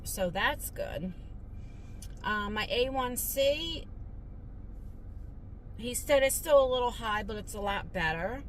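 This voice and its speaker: Middle-aged woman vlogger, car vlog, anxious and halting, restarts a lot, loud car noise behind. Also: mid-range voice. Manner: worried, halting, with restarts and stutters. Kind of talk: casual vlog chat. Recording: noisy car interior.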